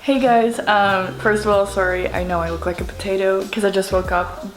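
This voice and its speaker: A woman's voice: mid-range voice, fairly even intonation, moderate pace, slight background noise. A young woman, a physiotherapy student, chatting casually to camera in a vlog, full of fillers. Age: young adult. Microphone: camera and phone cam. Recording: music bed under the voice.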